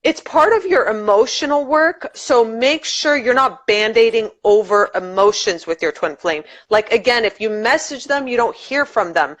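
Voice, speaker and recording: A woman's voice: on the high side, expressive, normal speed, few pauses. Earnest woman giving frank advice. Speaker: guest reader. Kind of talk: casual livestream chat.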